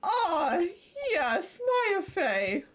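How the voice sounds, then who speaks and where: A woman's voice: extremely high pitch, big pitch swings, drawn-out words, voice pushed up, full character voice. A woman voicing a pompous, blustering older male lawyer in a grand, self-important tone, with game music behind.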